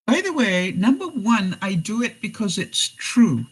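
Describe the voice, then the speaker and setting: A woman's voice: mid-range voice, sing-song, a little slow, hardly any pauses, breathy edge, low-quality recording. A middle-aged woman vlogger giving life advice in a live chat, telling stories, acting out quoted lines and laughing often. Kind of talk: live-stream chat, reading viewer comments.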